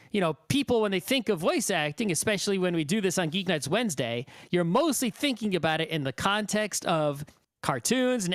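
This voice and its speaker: A man's voice: sits high, fairly bright tone, clean tone, no echo. A man co-hosting a podcast, talking in a rambling way that is full of "right?" and "you know". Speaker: podcast co-host. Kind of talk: casual discussion.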